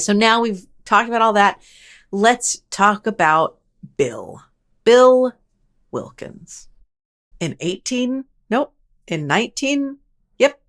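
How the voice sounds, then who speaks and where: A woman hosting a paranormal storytelling show, narrating casually and chattily with wry asides and quick self-corrections. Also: mid-range voice. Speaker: host of a paranormal storytelling channel.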